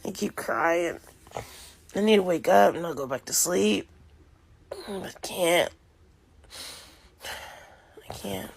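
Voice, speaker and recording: A woman's voice: fairly low pitch, expressive, slow pace, creaky, pauses often, slightly rough. Sleepy woman rambling to camera. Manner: rambling, talks to herself, often drops to a whisper. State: sleepy and yawning. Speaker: vlogger. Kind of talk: casual talk to camera.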